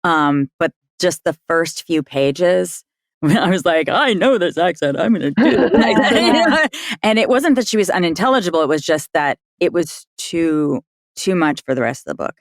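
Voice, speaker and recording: An audiobook narrator guesting on a podcast, telling a work story in an animated way with frequent laughter. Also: medium pitch, moderate pace, dry recording, studio quality. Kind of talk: casual roundtable discussion.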